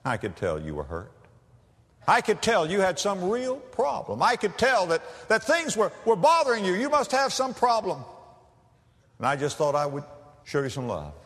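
A male preacher voicing a polite, soft-spoken man in a story he tells. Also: high voice, huge pitch swings, normal speed, big-room sound, pitched above the performer's own voice, exaggerated voice. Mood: gentle. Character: meek, patient male preacher at breakfast.

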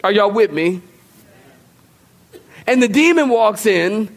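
A male pastor, preaching a sermon in a lively, joking way and talking straight to his congregation. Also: sits high, takes it slowly, pauses often. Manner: animated, joking, talks directly to the congregation.

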